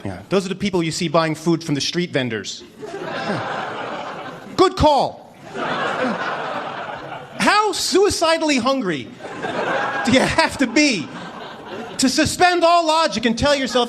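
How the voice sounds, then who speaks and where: A man working a comedy club stage with a lively, high-pitched delivery that swings wide as he acts out bits. His voice is a touch high for a man, and the live club recording carries a noisy room and a laughing crowd behind him. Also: measured pace, long pauses. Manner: animated, mock-incredulous, acts out voices. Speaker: stand-up comedian. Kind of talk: stand-up comedy set. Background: audience laughter.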